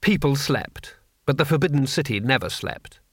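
A man narrating a comic fantasy audiobook in a wry, expressive storytelling manner. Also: medium pitch, moderate pace, no echo, studio quality. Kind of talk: scripted narration.

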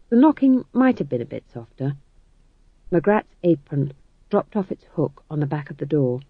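Wry, expressive male audiobook narrator. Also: a little high, normal speed, dry recording, dull audio.

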